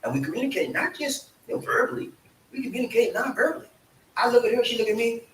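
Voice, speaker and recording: Lively bright-voiced man hosting a livestream. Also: very high voice, fast talker. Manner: lively, folksy, calls for audience response. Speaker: show host. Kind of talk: casual livestream talk. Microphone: streaming setup. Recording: echoey room, mic at a distance, faint hiss.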